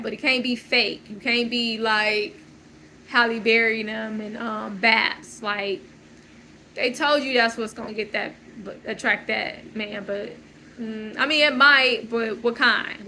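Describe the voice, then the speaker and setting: A woman's voice: on the high side, sharp tone, a little hiss or hum, low-quality recording. A woman talking through a loose, searching personal monologue, full of fillers and restarts. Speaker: channel host.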